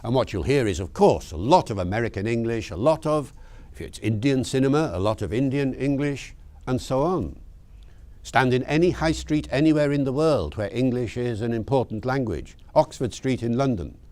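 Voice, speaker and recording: Older male lecturer, mid-pitched, expressive intonation, chatty emphatic talk to teachers. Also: normal speed. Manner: lively, conversational, emphatic with asides. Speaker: linguist speaking to teachers.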